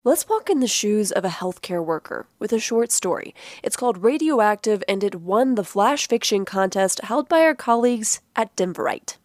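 A woman radio host presenting in a measured, clear, scripted manner. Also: medium pitch, lively intonation, a little mellow, no room sound, studio quality.

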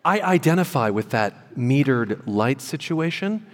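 A man's voice: mid-range voice, sing-song, unhurried, big-room sound. A man hosting a talk show, playfully interviewing his guest.

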